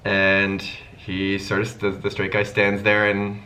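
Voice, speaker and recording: A man with a low voice tells a personal storytime to his channel's viewers. He keeps it casual and animated, acting out each line of dialogue he quotes. A faint noise sits under his voice. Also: takes it slowly, poor audio. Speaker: YouTube host.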